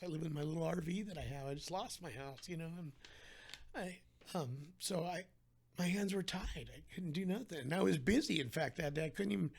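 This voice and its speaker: A man's voice: a little high, a little fast, vocal fry, slightly rough. A man talking as a podcast guest, telling his story in an earnest, heartfelt way with frequent restarts. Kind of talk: candid conversational storytelling.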